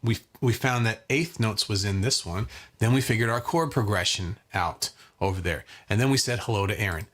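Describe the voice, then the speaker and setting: A man teaching a live online guitar lesson in a relaxed, chatty way, counting beats aloud as he strums. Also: fairly low pitch, moderate pace. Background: acoustic guitar strumming.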